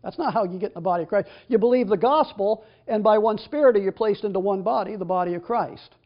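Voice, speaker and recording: A man's voice: sits high, fast talker, dull audio. A man preaching a sermon and teaching from the Bible, reading scripture aloud with emphatic stress.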